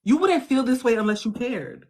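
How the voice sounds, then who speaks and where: A husky-voiced woman hosts a casual coaching chat. She is animated and preachy, throws in slang, and pushes her listener hard, with pitch that jumps high whenever she gets fired up. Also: normal speed. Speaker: host.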